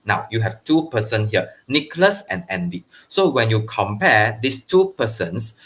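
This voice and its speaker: Man teaching grammar with lively pitch. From Malaysia. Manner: explains slowly, checks understanding with frequent "okay"; switches into Mandarin for translations. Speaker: primary school English teacher. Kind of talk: online grammar lesson.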